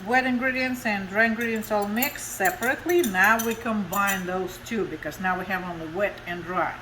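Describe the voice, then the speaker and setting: In her own kitchen, this cooking show host, a woman from Russia, walks viewers through each step in accented, broken English. She speaks in a mid-range voice at a moderate pace, with reverberation and background noise in the recording.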